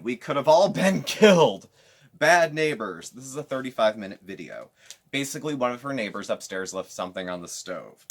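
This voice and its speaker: A man hosting a casual commentary show, recapping another creator's videos with animated, sarcastic asides. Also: sits low. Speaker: commentary channel host.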